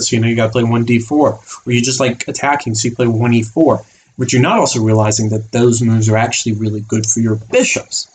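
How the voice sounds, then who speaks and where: A man as a chess coach giving an online chess lesson, animated and playful, acting out the pieces as little characters. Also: mid-range voice, slight background noise.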